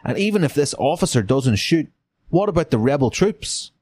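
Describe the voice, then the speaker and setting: A podcast host reading a gamebook aloud and breaking off for irreverent, sweary jokes. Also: male voice, on the high side, very animated, normal speed, darkish tone, no room sound, clean studio sound.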